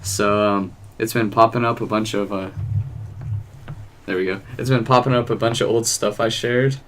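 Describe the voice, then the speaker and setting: Low-voiced easygoing male podcast host. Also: steady tone, moderate pace, fairly bright tone, a little hiss or hum. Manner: easygoing, greets chat viewers. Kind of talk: casual chat. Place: home streaming setup.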